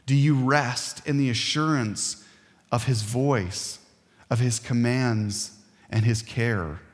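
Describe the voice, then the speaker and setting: Earnest preacher man in reverberant hall. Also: medium pitch. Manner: earnest, emphatic, with dramatic pauses. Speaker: pastor. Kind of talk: sermon.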